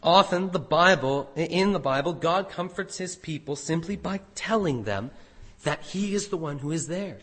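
A man preaching with a bright, forceful, slightly husky voice that sits a little high. He swings between loud, emphatic declarations and quieter, careful explanation. The sound carries the long reverb of a large hall. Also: lively intonation, normal speed. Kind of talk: sermon.

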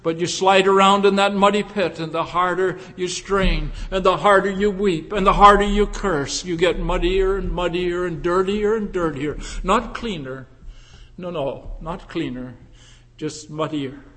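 A high-pitched male pastor preaches at a slow, measured pace, pressing the congregation with rhetorical questions. His voice rolls out into the long reverb of a church sanctuary. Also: fairly bright tone. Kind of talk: sermon. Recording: long reverb in a large hall.

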